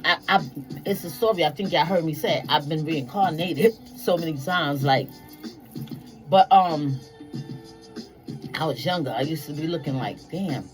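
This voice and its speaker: A woman chats to viewers, telling animated, foul-mouthed stories and performing the voices of those she quotes. Her voice is low and the audio quality is poor.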